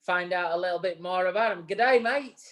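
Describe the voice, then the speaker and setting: A man's voice: sits high, level tone, fast, fairly bright tone. A man co-hosting a live barbering show, chatty and joking with guests. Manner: jokey, chatty, encouraging. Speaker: podcast co-host.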